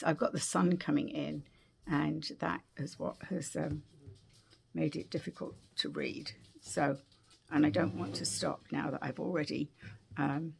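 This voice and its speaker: A British woman giving a gentle, unhurried spiritual oracle card reading at home, with frequent fillers and restarts. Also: sits low, gravelly, breathy edge. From Britain.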